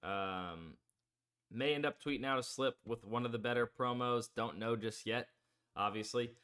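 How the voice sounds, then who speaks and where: A man's voice: medium pitch, moderate pace, a bit bright, smooth. A man hosting a live sports betting stream, talking casually with lots of fillers while reading odds and plugging promo codes. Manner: rambling, filler-heavy, promo-pushing. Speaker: sports betting livestream host.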